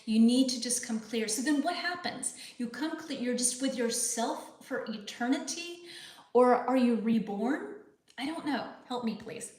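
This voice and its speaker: A woman's voice: a little high, animated, measured pace, darkish tone, roomy sound. A middle-aged woman hosting a live English lesson, chatting casually, thinking aloud and reading viewer comments. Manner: chatty, thinking aloud, frequent fillers and laughs.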